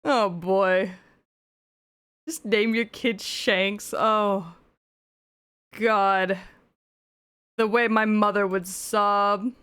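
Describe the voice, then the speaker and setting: A woman's voice: mid-range voice, steady tone, very slow, long pauses, fairly bright tone, clean tone. A woman streaming gameplay, chatting casually with frequent swearing and joking asides.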